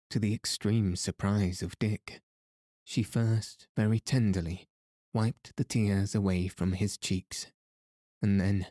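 A man narrating a historical novel aloud in a measured storytelling manner. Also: lowish voice, dark tone, dry recording, studio quality. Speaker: audiobook narrator. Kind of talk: scripted narration.

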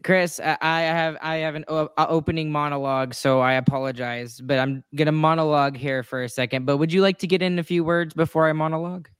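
A woman's voice: deep voice, fairly even intonation, quick pace, hardly any pauses, clear, resonant tone, dry recording, studio quality. A woman co-hosting a sports talk show, venting her frustration in a rambling, emotional way with many restarts and apologies. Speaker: sports podcast co-host. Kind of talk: casual chat.

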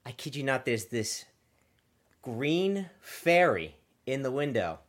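A man co-hosting a podcast, telling an animated story in casual chat and mimicking other people's voices. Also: mid-range voice, slow pace. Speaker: podcast co-host.

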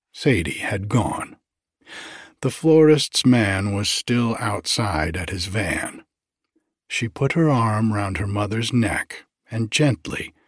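A man narrating a literary story aloud in a lyrical, unhurried audiobook style. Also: lowish voice, husky, no room sound, studio quality.

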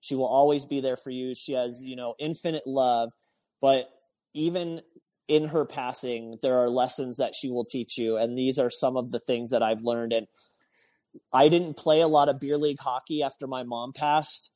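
A man speaking earnestly in a reflective conversation. He often halts and repeats words as he searches for them. His voice has a plain middle pitch. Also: steady tone, moderate pace, dark tone.

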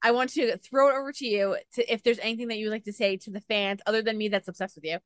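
A woman's voice: on the high side, fairly even intonation, fast talker, no room sound, clean studio sound. A woman hosting a casual interview, gushing like a devoted fan as she asks her questions. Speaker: interviewer, host.

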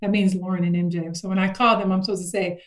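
A middle-aged woman chatting casually about parenting, telling stories lively and acting out her kids' voices. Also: mid-range voice, quick pace, poor audio. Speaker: guest parent.

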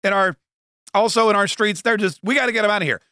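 A man's voice: sits high, fast, bright, forceful tone, clear, resonant tone, no echo, studio quality, voice pushed up. A man putting on the voice of an exasperated male official who complains in mock-dramatic, exaggerated outrage.

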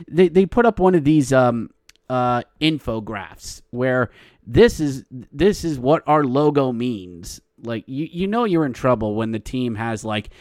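A man with a mid-range voice, recorded cleanly in a studio without room sound, hosts a hockey podcast by himself. He's ranting out of frustration, steadily getting louder and more fired up.

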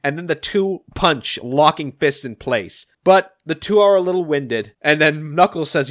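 A young man co-hosting a podcast, recapping comic issues in a casual, animated way and swearing freely. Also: fairly high pitch. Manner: animated, reads dialogue in quick paraphrase, swears casually.

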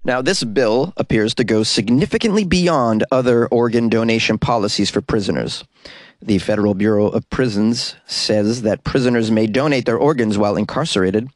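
A man's voice: mid-range voice, no room sound. Sarcastic man riffing on news stories. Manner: sarcastic, wry asides. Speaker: news commentary host. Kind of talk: reading news with joking asides.

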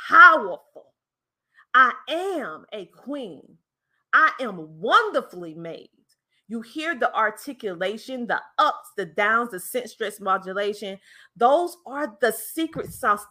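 A podcast host delivers an emphatic motivational talk, stretching out the words she stresses. Her voice is on the high side, pushed and bright.

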